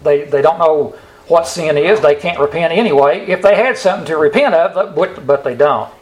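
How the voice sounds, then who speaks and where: A man's voice: a little high, rough recording. A man preaching a sermon, stretching out the key words of the scripture he quotes and putting rhetorical questions to his listeners. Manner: emphatic, drawn-out stress on scripture quotes; asks the audience rhetorical questions.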